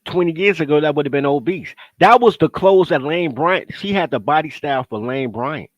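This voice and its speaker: A man co-hosting a casual reaction chat, loud and quick to laugh and exclaim. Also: a little high, no echo, lo-fi sound. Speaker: co-host.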